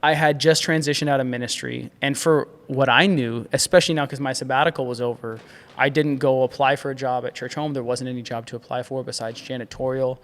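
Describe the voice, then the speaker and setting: Gravelly-voiced man telling stories casually. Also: medium pitch, brisk. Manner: animated, laughs often, says "bro" and "dude". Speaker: podcast guest, agency founder. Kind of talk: casual storytelling chat.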